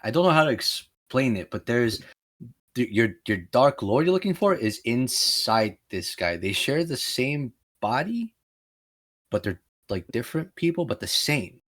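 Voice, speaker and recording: A man's voice: medium pitch, sing-song, unhurried, fairly bright tone. A man playing a tabletop game, hesitant and often repeating his words. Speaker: player. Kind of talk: casual tabletop game chat.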